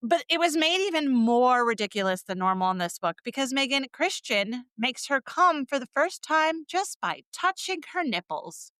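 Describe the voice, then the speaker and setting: This woman talks on a podcast with a high, lively voice that swoops up and down. She is sarcastic, swears freely and laughs a lot as she chats. The sound is dry and close to the mic. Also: normal speed, few pauses, dry recording. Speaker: podcast co-host. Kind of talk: casual book-review chat.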